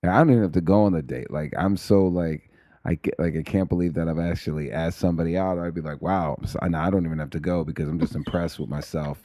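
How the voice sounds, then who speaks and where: A man's voice: low voice, fast talker, warm tone, no echo. A man chatting casually as a podcast guest, loose and self-mocking with frequent chuckles. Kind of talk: casual chat.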